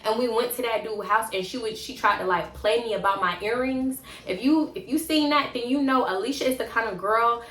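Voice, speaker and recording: A young woman telling a casual storytime vlog in an animated, blunt and profane way. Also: on the high side, fairly quick, few pauses. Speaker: storytime vlogger. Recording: roomy echo.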